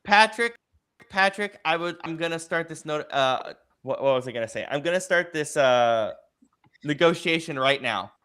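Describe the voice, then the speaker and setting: A man with a fairly high voice and a bright, forceful edge co-hosts a loose sports chat show. He reads the news out excitably and laughs along as he goes. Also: normal speed, clear, resonant tone. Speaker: podcast co-host. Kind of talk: casual chat.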